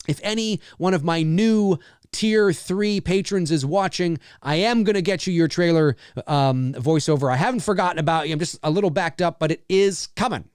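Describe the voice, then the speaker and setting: A man's voice: a little high, a little mellow, clean tone, no echo, clean studio sound. Chatty man giving live movie commentary. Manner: chatty, laughs often, trails off and restarts.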